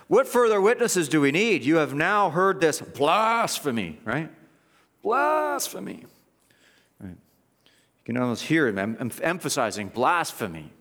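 A man preaching an expository sermon, animated and mocking, with frequent restarts and sarcastic asides. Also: a little high, big-room sound.

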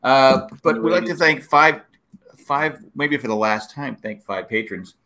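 A man's voice: mid-range voice, measured pace, sharp tone. A man co-hosting a comedy podcast, joking around and reading out thanks and plugs. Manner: jokey, wraps up the show with plugs. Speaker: podcast co-host. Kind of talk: casual banter.

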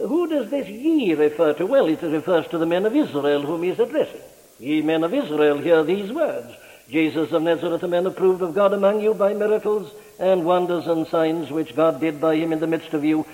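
A man's voice: lively intonation, normal speed, a little mellow, in a large hall, low-quality recording. A man preaching a sermon with a dramatic, rhetorical delivery, his voice rising and falling sharply. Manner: dramatic, rhetorical preaching with wide swings in pitch and volume.

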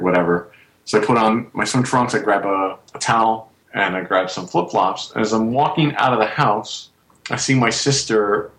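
A man's voice: lowish voice, a bit bright, reverberant, low-quality recording. A young man in his twenties telling a rambling, casual story with laughing asides. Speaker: guest storyteller.

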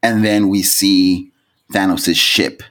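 A male podcast co-host tells a story in loose, unscripted chat. He is animated and swears freely. His voice jumps into high, laughing peaks as he gets into it. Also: takes it slowly.

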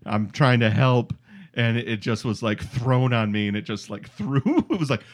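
Joking man with a lively voice. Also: mid-range voice, moderate pace. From Michigan, US. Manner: joking, laughs often. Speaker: podcast host. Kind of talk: casual chat.

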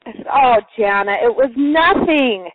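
Animated woman telling a story over a tinny line. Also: fairly high pitch, a little slow, no room sound. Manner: lively, acts out quoted voices. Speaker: guest telling a personal story. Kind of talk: storytelling to a group. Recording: muffled phone-line sound, dry.

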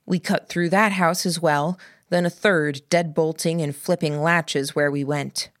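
Low, slow woman audiobook narrator. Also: steady tone, no echo, clean studio sound. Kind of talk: scripted narration.

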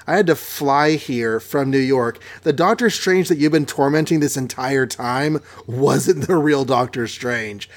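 A man's voice: medium pitch, unhurried, hardly any pauses, lightly acted. A smug comic-book sorcerer hero, as a man plays him in a recap, talking in an offhand, deflating way. The delivery stays close to an ordinary speaking voice.

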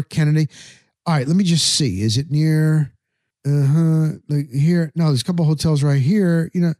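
A man's voice: fairly high pitch, normal speed, warm tone, no echo, studio quality. A middle-aged man hosting a sports talk show, telling a story casually and acting out his own thoughts in quotes. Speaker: sports radio and podcast host.

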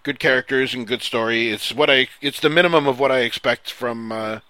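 A man's voice: medium pitch, fairly quick, bright, forceful tone, dry recording. A man co-hosting a casual gaming podcast, talking about games with opinionated enthusiasm. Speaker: podcast co-host. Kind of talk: casual chat.

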